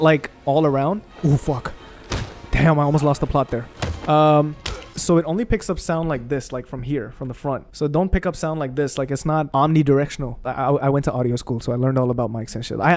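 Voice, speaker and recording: A young man, a gaming streamer, telling stories in an expressive, profane, animated way over his gameplay, speaking into a desk condenser mic at home. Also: a little high. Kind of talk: casual storytelling over gameplay.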